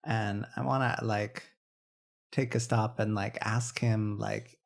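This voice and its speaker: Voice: medium pitch, fairly even intonation, slow pace, vocal fry. A player in a tabletop game, curious and full of fillers. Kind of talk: playing a tabletop game in character.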